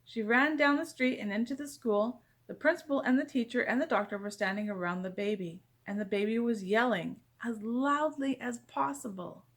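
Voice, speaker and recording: A woman reading a children's picture book aloud, gentle and expressive in bedtime style. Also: a little high, moderate pace, few pauses. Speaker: storyteller.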